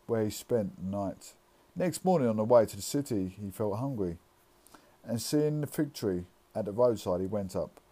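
Mellow-voiced man reading scripture haltingly. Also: lowish voice. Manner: halting reading with frequent slips and restarts. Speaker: scripture reader.

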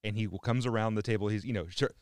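A man's voice: lowish voice, fairly even intonation, rapid-fire, clear, resonant tone. A man co-hosting a podcast interview, wry and joking in a laid-back way. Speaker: podcast co-host.

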